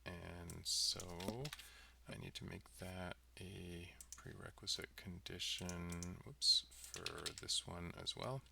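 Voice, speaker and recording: A man's voice: low voice, flat delivery, takes it slowly, creaky, background noise. A man developing a game on a livestream, thinking aloud with many ums and let's sees as he works. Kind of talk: livestream coding walkthrough. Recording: distant mic with loud keyboard typing. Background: keyboard typing and mouse clicks.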